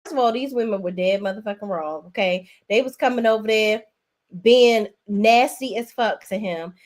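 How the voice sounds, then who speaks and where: A woman hosting a casual livestream, talking to viewers at a desk mic. She keeps it sassy and chatty, with a voice of ordinary middle pitch. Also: normal speed. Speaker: livestream host.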